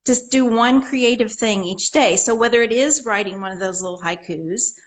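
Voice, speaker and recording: A woman's voice: a little high, moderate pace, low-quality recording. Earnest woman guest on a video call. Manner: earnest and affirming, listing goals and quoting scripture. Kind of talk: casual chat on a live video call.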